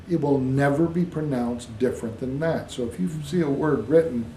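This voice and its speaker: Patient teacherly man, mellow voice. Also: mid-range voice, normal speed. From United States. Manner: patient, teacherly, spells out words letter by letter. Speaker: interviewee. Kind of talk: casual explanatory interview. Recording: echoey room with faint background hiss.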